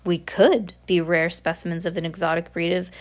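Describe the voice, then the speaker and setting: A woman's voice: lowish voice, fairly even intonation, moderate pace, a little hiss or hum, natural voice. A woman reading aloud, voicing an aloof, self-satisfied male black cat in a dry, superior manner. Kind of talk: storybook read-aloud.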